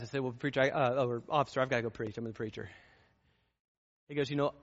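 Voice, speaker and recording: Impassioned preacher in an echoing hall. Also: male voice, mid-range voice, fairly even intonation, fast talker, long pauses, highs cut off. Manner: impassioned, rising to fervent peaks. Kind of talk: sermon.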